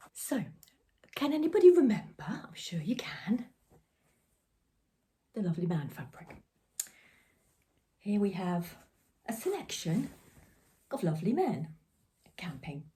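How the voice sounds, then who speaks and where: A woman's voice: sits low, dark tone. A woman hosting a crafting podcast, chatting in a rambling, giggly way from her home. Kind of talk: casual chat.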